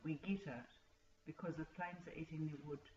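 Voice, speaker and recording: A woman's voice: deep voice, steady tone, moderate pace, lo-fi sound, noisy background. A woman, a writing teacher giving plain, direct advice to students.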